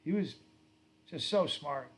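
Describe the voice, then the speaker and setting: Middle-aged male stream host, a bit higher-pitched, loose rambling storyteller who chats with viewers. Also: animated, slow pace. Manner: rambling, reads viewer comments aloud; storytelling, self-correcting. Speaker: livestream host. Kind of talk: casual livestream chat.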